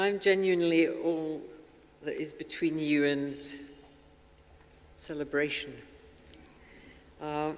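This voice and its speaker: Higher-pitched man, unhurried presiding official, formal closing address, long hall reverb. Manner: slow, measured and formal.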